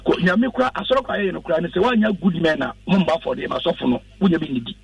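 High-voiced gravelly pastor. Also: male voice, rapid-fire, no echo, distant mic, muffled recording. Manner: earnest, instructive, quotes scripture. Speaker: pastor, radio guest. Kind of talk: preaching-style radio talk.

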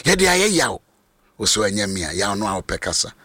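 A Ghanaian man preaching a sermon, shouting and sing-song, repeating phrases over and over. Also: fairly low pitch, big pitch swings, brisk, breathy edge, no room sound.

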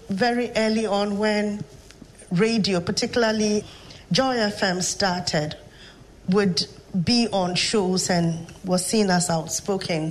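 In an interview conversation, a Ghanaian professor with a mid-range voice is the guest, sharing stories and reflecting in a measured manner. The audio is poor, with a little hiss or hum.

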